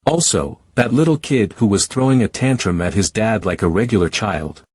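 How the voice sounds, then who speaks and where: A man giving a first-person story recap narration in a steady, even reading. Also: fairly low pitch, normal speed, slightly rough, dry recording.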